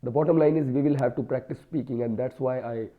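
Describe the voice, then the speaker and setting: A man with an Indian English accent speaks slowly and hesitantly, his talk full of fillers and restarts. He has a cold, and his voice sits at a middle pitch. The sound is thin and tinny, as if recorded on a phone. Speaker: vlogger practicing spoken English. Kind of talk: casual solo talk to camera.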